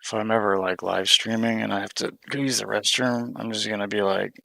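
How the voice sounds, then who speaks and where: A man's voice: lowish voice, level tone, brisk, gravelly, bright, forceful tone, dry recording. A man livestreaming in casual, rambling talk, often restarting his thoughts and cursing mildly, indoors at home.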